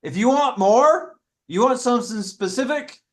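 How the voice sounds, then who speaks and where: A man leading a casual scripture study discussion, explaining in a halting, self-correcting way. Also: extremely high pitch, lively intonation.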